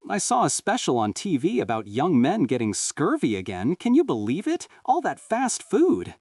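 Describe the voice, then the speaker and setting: A gentle middle-aged mother with a patient, pitying softness in every word, as a male storyteller puts her on. Her voice climbs high and swings in lively arcs. The sound is dry and set back from the mic. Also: moderate pace, no echo, recorded from a distance, heavily acted. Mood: fussing. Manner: soft, coaxing and pitying.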